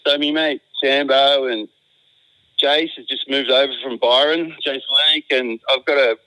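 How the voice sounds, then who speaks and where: An Australian man with a bright, forceful voice talks in a relaxed, rambling way, full of restarts and slang. The sound is dry and close, coming through a phone line. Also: mid-range voice, measured pace, smooth, no room sound. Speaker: phone-in guest surfer. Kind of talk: casual chat.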